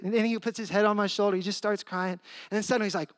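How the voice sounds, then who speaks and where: A man preaching a sermon as a lively personal story, acting out the voices of the people in it. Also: sits high, rapid-fire, smooth, dry recording, clean studio sound. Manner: animated, acts out voices in his story. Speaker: pastor.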